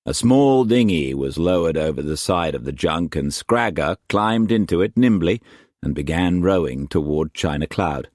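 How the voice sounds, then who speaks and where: A man gives scripted audiobook narration, measured yet expressive in his storytelling. His low-pitched voice is recorded dry, at studio quality.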